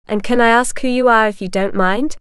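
A woman's voice: fairly high pitch, steady tone, brisk, fairly bright tone, clean tone, no echo, clean studio sound, close to an everyday voice. A woman reading the part of a puzzled, exasperated man on the phone, with incredulous questions. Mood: bewildered.

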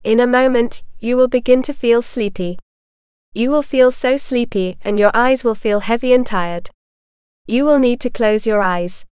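A woman reading as a soft, slow-talking hypnotist. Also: fairly high pitch, clear, resonant tone, dry recording, studio quality, close to an everyday voice. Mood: soothing. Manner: soft, slow, soothing repetition. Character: calm female hypnotist doctor, soothing and confident. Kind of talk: storybook reading.

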